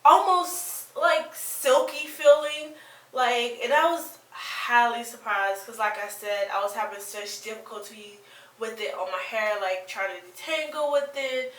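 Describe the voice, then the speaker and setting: A woman's voice: on the high side, unhurried, a bit bright, echoey room, recorded from a distance, low-quality recording. A woman vlogger giving a casual, rambling product review with plenty of fillers and restarts. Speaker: beauty vlogger.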